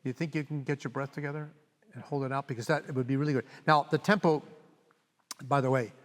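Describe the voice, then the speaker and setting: An older male conductor leads a master class, coaching a brass player and singing phrases aloud to show the shape of the music. His voice sits at a middle pitch. It carries a long reverb from a large hall. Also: quick pace. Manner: animated, sings phrases aloud.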